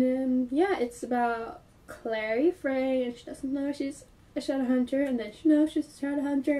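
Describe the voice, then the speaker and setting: A woman with a high, dark-toned voice, congested from a cold, chatting excitedly about books. She rambles with plenty of filler words, and she sits a bit back from the microphone. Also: recorded from a distance. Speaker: book vlogger. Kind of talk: casual book review chat.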